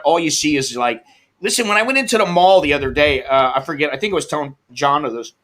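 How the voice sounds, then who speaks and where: On a livestream, a male host with a fairly bright, higher-pitched voice tells a frustrating delivery story and reads comments. He swears as he goes and acts out both sides of the phone calls.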